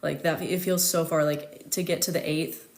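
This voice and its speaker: A woman's voice: deep voice, steady tone, normal speed. A young American woman hosting a casual live chat, talking in a giggly, filler-heavy way. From United States. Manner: chatty, giggly, lots of fillers. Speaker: astrology livestream host.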